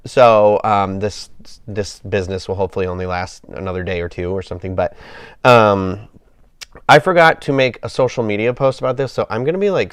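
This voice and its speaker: A man's voice: on the low side, clean tone, dry recording, clean studio sound. A man with a stuffed-up nose chatting casually on a live gaming stream, rambling and apologetic. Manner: rambling, apologetic, self-deprecating. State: stuffed up with a cold.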